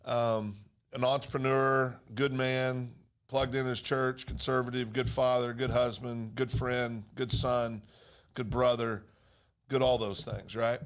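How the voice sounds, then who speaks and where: A man co-hosting a casual live business talk show, animated and quick to laugh. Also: mid-range voice. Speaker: co-host.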